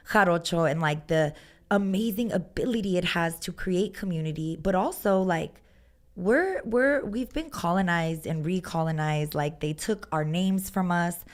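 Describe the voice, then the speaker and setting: A woman tells her stories in a lively, casual way, peppering them with "like" and playing out quoted voices. Her voice sits a little low for a woman. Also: moderate pace. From Texas. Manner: animated storyteller, lots of "like", acts out quotes. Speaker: guest musician. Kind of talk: casual chat.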